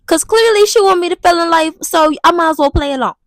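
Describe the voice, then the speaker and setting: A woman's voice: very high-pitched, quick pace, a bit bright, no room sound. A young woman telling a dramatic, slangy storytime vlog. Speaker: vlogger. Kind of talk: casual storytime monologue.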